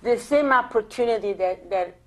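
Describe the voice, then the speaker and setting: An older woman from Italy with an Italian accent, telling her life stories in an oral history interview, animated and full of restarts. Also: a little high, moderate pace. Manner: animated storytelling with many restarts.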